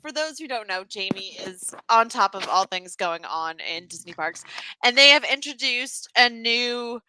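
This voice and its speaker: A woman co-hosting a podcast in casual chat, playful and quick to laugh, with jokey mock outrage. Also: lively intonation, pushed and bright, slight background noise, rough recording. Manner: playful, laughing reactions, jumps to high pitch when outraged in jest. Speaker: podcast co-host.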